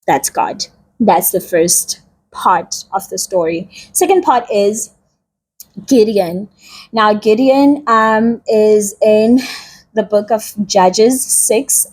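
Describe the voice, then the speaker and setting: Slow, husky woman teaching the bible casually. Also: medium pitch, darkish tone. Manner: chatty, slangy, repeats herself.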